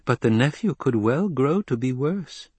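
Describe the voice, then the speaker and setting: Brief: cool, scheming noblewoman, read by a man, hushed and slow, dry close sound. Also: mid-range voice, expressive, husky, no echo, pitched above the performer's own voice. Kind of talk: audiobook character voice.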